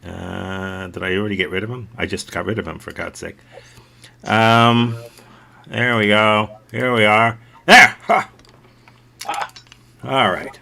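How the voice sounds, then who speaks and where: A man's voice: fairly low pitch, steady tone, a little slow, creaky, pauses often, sharp tone. A man teaching an improv workshop over a video call, joking and self-mocking. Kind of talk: casual workshop talk.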